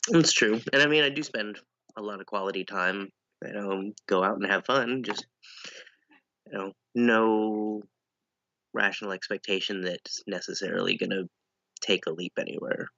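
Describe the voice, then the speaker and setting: Low-voiced guy cracking dry self-deprecating jokes, bright edge, kinda muffled lo-fi audio. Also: fairly quick, creaky, dry recording. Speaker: comedian guest. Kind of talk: casual comedic chat.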